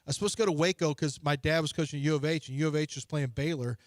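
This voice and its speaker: A man with a slightly high voice rambles through a self-mocking story as a sports radio host. He talks into a studio microphone with a close, dry sound. The talk is loose and casual. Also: very fast, dry recording.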